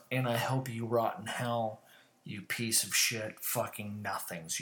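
Guy doing a foul-mouthed angry rant, drawn out and slow. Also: medium pitch, bright, forceful tone. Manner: heated, swearing, insulting. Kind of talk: profane comedic rant.

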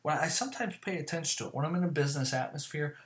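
A man chatting casually to camera, rambling and swearing often, with lots of fillers and quick self-corrections. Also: a little high. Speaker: vlogger. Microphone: camera mic. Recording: echoey room.

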